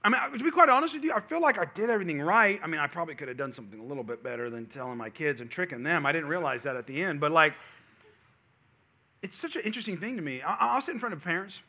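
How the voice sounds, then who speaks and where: A middle-aged man preaching a sermon in a church, telling a personal story with animated delivery that builds to loud, emphatic peaks. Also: on the high side, racing. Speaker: pastor.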